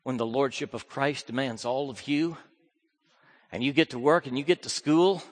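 A male preacher delivering a sermon, swinging from hushed, slow lines to loud, fervent ones. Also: mid-range voice.

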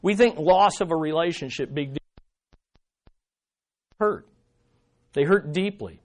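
A male pastor with a fairly high voice delivers an animated sermon. He swings between raised, emphatic lines and hushed, earnest passages, and often turns to the congregation with conversational rhetorical questions. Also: measured pace. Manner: animated, shifting between loud emphasis and quiet earnest asides.

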